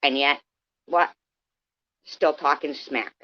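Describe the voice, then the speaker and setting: A woman's voice: sits low, steady tone, takes it slowly, lo-fi sound. A woman in her fifties ranting on a livestream, sarcastic and combative, calling out viewers by name. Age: 50s. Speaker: live streamer. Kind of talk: confrontational livestream rant.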